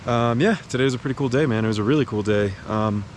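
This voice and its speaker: A man's voice: mid-range voice, fast talker. A young man and thru-hiker, rambling in a laid-back, filler-heavy way as he narrates a hiking vlog outdoors. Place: outdoors on a mountain trail by a highway. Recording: outdoor noise, traffic and wind.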